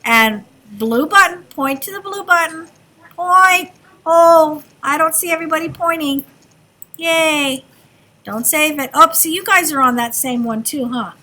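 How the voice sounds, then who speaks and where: A woman's voice: high voice, measured pace, bright, forceful tone. A woman teaching a kindergarten class, talking in an encouraging sing-song way to small children. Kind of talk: classroom instruction.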